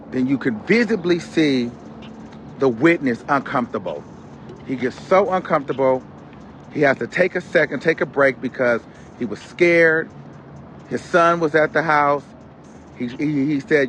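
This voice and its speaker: A man with a fairly high voice delivers casual gossip commentary. He retells events dramatically and with loud exclamations, throwing in quoted lines. Faint outdoor traffic noise sits behind him. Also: expressive, unhurried, pauses often. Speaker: commentary host.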